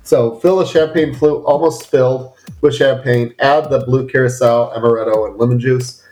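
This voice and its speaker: A man's voice: medium pitch, steady tone, normal speed, darkish tone, faint music behind. A man co-hosting a casual book club podcast, telling stories with animation and laughing easily. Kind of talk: casual chat. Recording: roomy echo.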